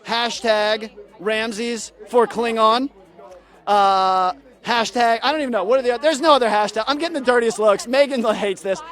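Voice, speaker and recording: A man's voice: extremely high pitch, fast, hardly any pauses, a bit bright. A man hosting a live interview in a backyard, joking, rambling and teasing himself. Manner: jokey, rambling, self-deprecating. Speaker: host interviewer. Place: outdoor backyard set.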